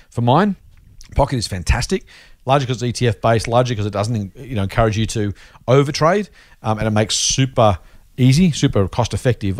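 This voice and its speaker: A man's voice: fairly low pitch, a little mellow, dry recording, clean studio sound. An Australian man hosting a podcast, chatting casually and enthusiastically with plenty of fillers. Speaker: podcast host.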